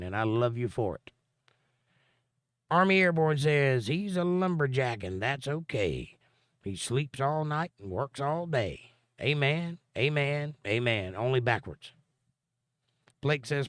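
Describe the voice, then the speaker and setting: A livestream host with a medium-pitched voice reads viewer comments out loud and fires back dry, sarcastic jokes. There's no echo on the recording.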